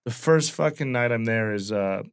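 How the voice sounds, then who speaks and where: Gravelly, profane comedian telling stories. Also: male voice, mid-range voice, moderate pace. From Wyoming, USA. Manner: loose, profane, animated anecdote telling. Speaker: guest comedian. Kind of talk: casual storytelling.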